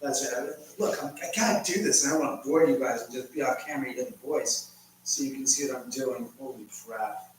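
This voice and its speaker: A chatty man hosting a live stream from his kitchen, rambling along as he answers comments in a medium-pitched voice. He sits well back from the mic, and the room gives him a strong echo over faint ambience. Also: quick pace, recorded from a distance, slight background noise. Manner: rambling, chatty, reading viewer comments aloud. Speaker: livestream host. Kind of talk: casual live chat.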